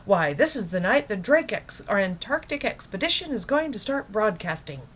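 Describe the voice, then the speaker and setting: A woman's voice: mid-range voice, big pitch swings, normal speed, a bit bright, slight background noise, voice pushed up. A woman reading a children's book aloud, voicing an eager, dreamy middle-aged man who is enthusiastic about penguins. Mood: excited. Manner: enthusiastic, wondering.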